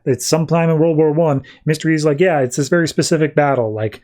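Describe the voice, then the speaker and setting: A man's voice: medium pitch, fairly even intonation, a little mellow. A man hosting a podcast, casually retelling a comic story and paraphrasing the characters' lines as he goes. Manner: retells scenes with quick paraphrased dialogue. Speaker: podcast host. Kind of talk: casual comic book recap.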